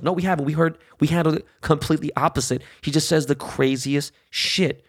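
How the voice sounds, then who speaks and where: A man's voice: on the high side, fairly even intonation, a little fast, hardly any pauses. A man hosting a podcast, ranting angrily and bluntly with heavy swearing and constant "okay?" and "right?" tag questions. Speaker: podcast host. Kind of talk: profane political rant.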